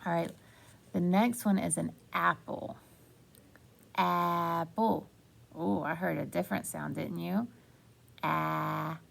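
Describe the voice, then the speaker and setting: A woman teaching young children a phonics lesson, slow and encouraging, stretching out words. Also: fairly low pitch, gravelly, husky.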